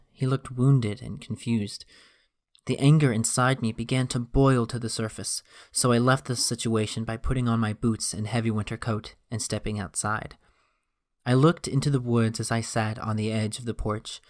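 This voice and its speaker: A man narrating a first-person story in a steady, even reading voice. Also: mid-range voice.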